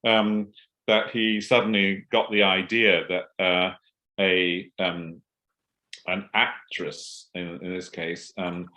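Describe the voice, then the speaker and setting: An older man answering interview questions as a biographer, speaking hesitantly with many pauses and restarts. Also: sits low, little pitch movement, sharp tone. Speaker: biographer guest.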